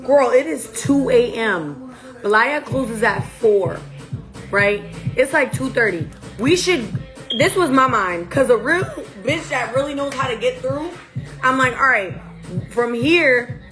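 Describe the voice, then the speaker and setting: A woman on a livestream, telling a long night-out story in a blunt, profane, animated way. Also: on the high side, takes it slowly. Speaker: livestream host. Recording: clear music behind the voice.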